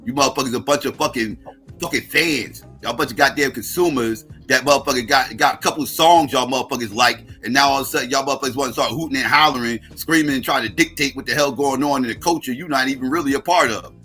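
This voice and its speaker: A man's voice: mid-range voice, fast, sharp tone, soft background music. Heated, profane middle-aged man ranting. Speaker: livestream host. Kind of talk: heated livestream rant.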